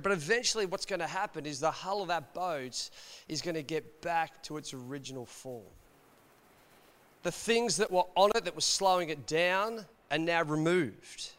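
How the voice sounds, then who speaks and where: High-voiced Australian pastor preaching. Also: male voice. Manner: animated storytelling with rhetorical questions to the congregation. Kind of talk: conversational sermon. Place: church. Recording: long reverb of a church hall.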